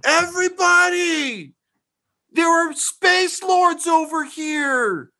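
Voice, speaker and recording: Shrill, panicky peasant, very high and stretched out. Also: male voice, fairly bright tone. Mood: frantic. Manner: shrieking, drawn-out and panicky. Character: shrill frantic male peasant zealot.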